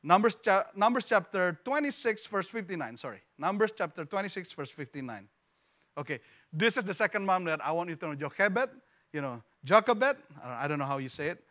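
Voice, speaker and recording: A man preaching a sermon as pastor in a church, animated, repeating words and joking with the congregation. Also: sits high, fairly quick. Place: church hall.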